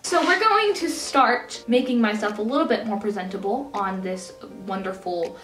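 A woman's voice: animated, normal speed, hardly any pauses. Chatty young woman with a slight lisp. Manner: chatty, self-mocking, bursts into high baby talk. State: recovering from a cold. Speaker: beauty vlogger. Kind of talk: casual get-ready-with-me chat. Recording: roomy, mic a little distant, soft music.

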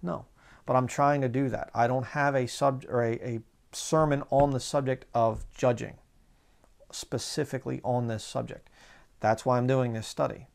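A man preaching a sermon in a conversational way, slowing down to read scripture aloud. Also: medium pitch, fairly even intonation, vocal fry.

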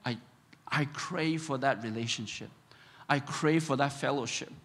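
A man pastor preaching a sermon, repeating his phrases and rising loud and high when impassioned. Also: measured pace. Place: church sanctuary. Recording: echoey church hall.

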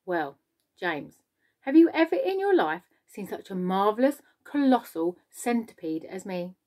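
A woman's voice: medium pitch, very animated, a little slow. A woman voicing a boastful, cheeky male giant centipede in a children's storybook reading. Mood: boasting. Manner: loud, gleeful, boasting.

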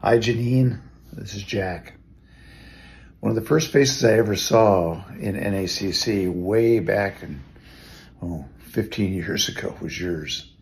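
A man records a slow, gentle and reflective tribute message, away from the mic. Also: on the low side, vocal fry.

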